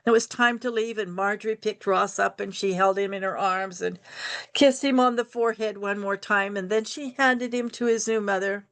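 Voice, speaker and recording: An older woman telling a personal family story aloud, unhurried, repeating phrases for rhythm. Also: medium pitch, fairly even intonation, a bit bright.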